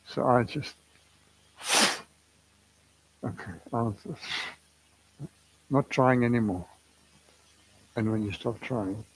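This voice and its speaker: A spiritual teacher gives a talk, sharing a personal story in an earnest, confessional way and laughing at himself now and then. His voice is fairly low and slightly rough, and the recording is rough.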